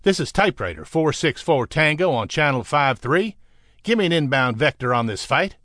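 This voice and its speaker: A man's voice: fairly high pitch, big pitch swings, normal speed, bright, forceful tone, dry recording, studio quality. A man voicing a brash, daring male fighter pilot who snarls over the radio in an audiobook. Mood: urgent. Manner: snarling, cocky.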